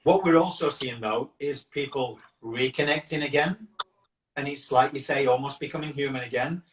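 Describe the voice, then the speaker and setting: A man hosting a live video call, earnest and rambling, circling back to restart his thoughts. His voice is mid-pitched and sounds set back from the mic in a roomy space. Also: moderate pace. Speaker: campaign founder and host. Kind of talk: casual live chat. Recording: roomy echo, distant from the mic.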